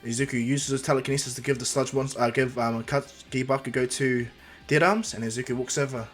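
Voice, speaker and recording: Husky-voiced man telling a fan story. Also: medium pitch, fairly even intonation, fast, faint music behind. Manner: rambling, with frequent fillers and restarts. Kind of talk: casual improvised storytelling.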